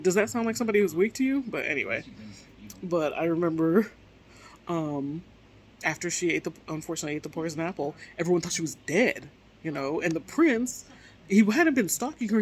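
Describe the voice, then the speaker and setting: A man talking casually through his opinion in a rambling, chatty monologue, full of asides and fillers, with his voice lifting high when he quotes others. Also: a little hiss or hum. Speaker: vlogger giving opinion.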